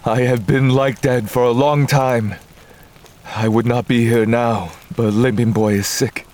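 A man voicing a grieving young male warrior with halting, earnest speech in an audiobook. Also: mid-range voice, fairly even intonation, darkish tone, lightly acted. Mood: anxious. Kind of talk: audiobook character voice.

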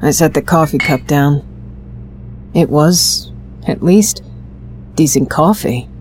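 A woman reads first-person narration for an audio drama. Her voice is very low for a woman, and she keeps a steady, even storytelling pace. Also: slow, slight background noise.

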